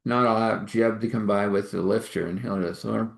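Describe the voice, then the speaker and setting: A man's voice: lowish voice, steady tone, normal speed, creaky, roomy sound. A man voicing a practical, matter-of-fact chief who rambles through his plans.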